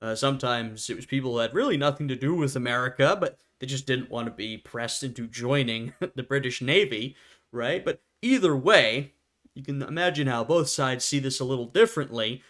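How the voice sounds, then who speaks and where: A man's voice: mid-range voice, expressive, fairly quick, a bit bright. Man, casual history commentary, chatty, laughs a lot, acts out quotes. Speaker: history reaction host. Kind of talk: casual commentary reacting to a video.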